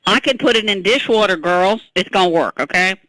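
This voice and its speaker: An older woman scientist, an interview guest telling how she invented a product, emphatic and animated, laughing and tossing in "okay?". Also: mid-range voice, brisk, no room sound, poor audio.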